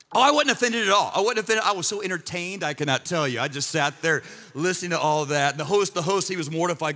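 A man's voice: high voice, expressive, quick pace, hardly any pauses, bright, forceful tone. A middle-aged man, a pastor, preaching a sermon to a live congregation, telling stories with humor and asides to the listeners. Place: church sanctuary with live congregation. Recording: long hall reverb.

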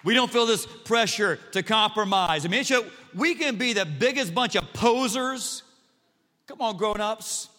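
High, bright-voiced male pastor preaching. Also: unhurried. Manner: animated, self-mocking humor. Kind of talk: sermon. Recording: long reverb in a large church hall.

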